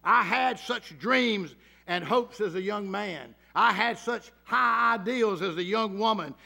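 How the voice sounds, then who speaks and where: A man preaching a sermon, swinging from loud emphasis to hushed tones and acting out the voices in his stories. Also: high voice, a little slow, creaky. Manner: acts out quoted voices in storytelling.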